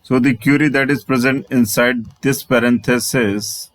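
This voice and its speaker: Male tutor, tutorial delivery, mid pitch, dry and close, restates every step. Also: steady tone, normal speed, no room sound, rough recording. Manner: repetitive, restates phrases, spells out letters. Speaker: programming instructor. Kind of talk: screen-share coding tutorial.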